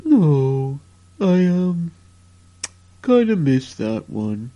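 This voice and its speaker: A man voicing a slow, dim-sounding male sidekick in comedic podcast banter, drawing out his short replies. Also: on the high side, very animated, warm tone, highs cut off, voice pushed down, exaggerated voice. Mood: sleepy. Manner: drawn-out, sluggish replies.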